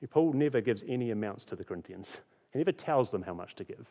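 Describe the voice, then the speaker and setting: A man's voice: lowish voice, lively intonation, fast, warm tone. A man preaching a sermon as pastor, earnest and repeating key phrases for emphasis. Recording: long hall reverb.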